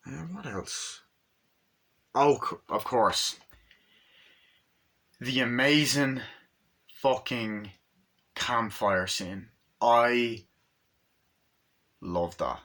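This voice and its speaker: A man's voice: mid-range voice, very slow, vocal fry, pauses often, fairly bright tone. A man giving a casual, rambling movie review, swearing often and acting out scenes in funny voices. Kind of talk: casual spoken film review.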